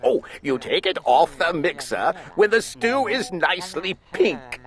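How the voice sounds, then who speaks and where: A woman's voice: on the low side, very animated, measured pace. A woman voicing a smug, gabbing green male glunk creature in a storybook read-aloud. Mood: chatty. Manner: gabbing, sing-song and pushy.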